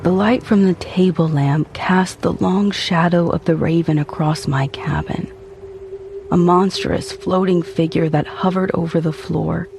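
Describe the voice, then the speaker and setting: A man's voice: fairly high pitch, steady tone, unhurried, gravelly, darkish tone, slight background noise. Brooding man narrating a haunted tale. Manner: intense, brooding, haunted storytelling. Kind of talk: dramatic first-person audio drama narration.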